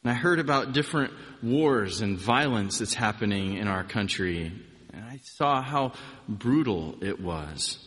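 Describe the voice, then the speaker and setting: A man giving an informal sermon, telling personal stories in a relaxed, conversational way with frequent restarts. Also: on the low side, measured pace, in a large hall. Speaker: preacher.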